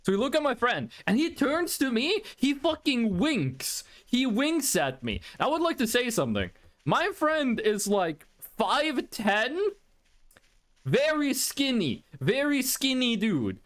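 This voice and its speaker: A man speaks high in his register, and his pitch leaps around as he spins a yarn for his live stream. He swears freely and restarts his sentences as he goes. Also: slow pace. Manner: profane, animated anecdote with many restarts. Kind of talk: casual storytelling on a live stream.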